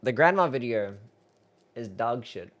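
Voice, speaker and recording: A man's voice: medium pitch, animated, a little slow, fairly bright tone. A young man streaming live, reacting to his own old videos, laughing, swearing and mocking himself.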